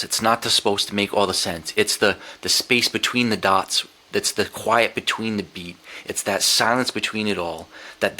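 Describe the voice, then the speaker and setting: A middle-aged man speaks with a somewhat low but bright, forceful voice. He rambles through a candid story, swearing freely, restarting sentences and slipping into quoted thoughts. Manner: rambling, profane, emotional retelling with many restarts. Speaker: podcast guest.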